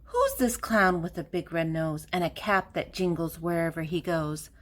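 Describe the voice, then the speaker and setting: A woman's voice: on the low side, big pitch swings, moderate pace. An older woman reading a children's picture book aloud, with a playful sing-song delivery and fun animal sounds.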